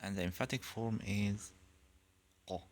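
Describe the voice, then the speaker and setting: Slow, patient male language teacher. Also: mid-range voice, expressive. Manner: patient, repeats sounds in drills. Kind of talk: slow, deliberate pronunciation lesson.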